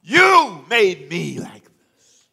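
A man's voice: medium pitch, quick pace, a bit bright, lightly acted. A man preacher voicing a bitter, wounded adult who keeps blaming someone and repeating the same complaint. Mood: bitter, accusing. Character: bitter wounded adult nursing an old grudge.

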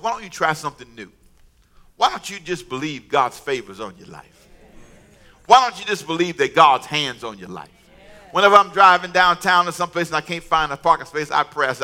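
A middle-aged man preaching a sermon with humor and storytelling, calling on the congregation to repeat lines after him and shouting his emphatic declarations. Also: fairly high pitch. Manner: call-and-response, urging the congregation to repeat lines; storytelling with humor, laughing at his own jokes. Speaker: pastor.

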